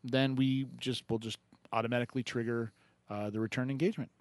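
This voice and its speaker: A man's voice: medium pitch, fairly even intonation, fast, dry recording. A man hosts a call-in poetry show in a loose, joking way, laughing often between remarks. His voice sits in a middle register. The studio sound is dry and close. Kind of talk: casual radio chat.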